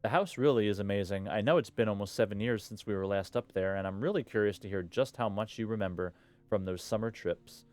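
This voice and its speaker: Man voicing a cheery, fond middle-aged dad, low-pitched and smooth, reading his letter aloud. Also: brisk, darkish tone, close to an everyday voice. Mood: fatherly.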